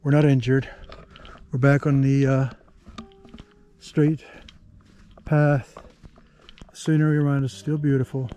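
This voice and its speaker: Mellow-voiced man narrating his hike. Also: medium pitch, little pitch movement. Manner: easygoing, chatty, thinks aloud with pauses. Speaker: travel vlogger. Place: outdoor canyon hiking trail.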